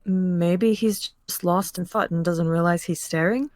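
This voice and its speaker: A woman voicing a calm, earnest young male student in a storybook read-through, speaking slowly and mildly. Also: fairly low pitch, no room sound, pitched below the performer's own voice, lightly acted. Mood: musing.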